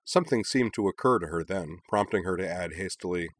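A man reading a story aloud in a measured storytelling manner. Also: sits low, a bit bright. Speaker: audiobook narrator. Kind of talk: scripted narration.

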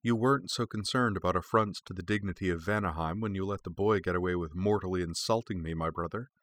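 A man's voice: low voice, quick pace, a bit bright. A man voicing a haughty, spiteful goddess who speaks in a cold, cutting way. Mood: cold scorn.

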